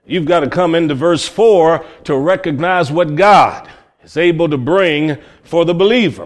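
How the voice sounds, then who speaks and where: A man from Cleveland, Ohio, preaching a sermon with folksy stories, swinging between loud cries and low murmurs. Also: normal speed. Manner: folksy storytelling.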